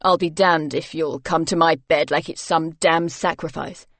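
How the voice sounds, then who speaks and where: A woman voicing a frustrated, surly gentleman who mutters and growls his words. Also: sits low, steady tone, normal speed, gravelly, no echo, voice pushed down.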